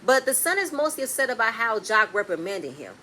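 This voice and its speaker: A woman recapping a reality TV episode in a casual, blunt, animated way, with speech. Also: on the high side, brisk, slight background noise. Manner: animated, blunt and swearing, swings between loud and quiet.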